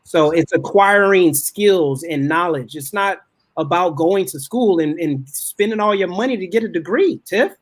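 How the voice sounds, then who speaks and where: A man's voice: high voice, normal speed. A man co-hosting a talk show, cutting in with hold on and lecturing his view with many repeats. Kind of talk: heated casual debate.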